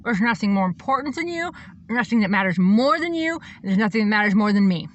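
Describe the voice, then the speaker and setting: A woman's voice: mid-range voice, animated, fast talker, muffled recording, a little hiss or hum. A woman who calls herself a psychic, delivering a blunt, profanity-filled rambling monologue. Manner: blunt, profane, emphatic ranting. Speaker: self-described psychic and reverend.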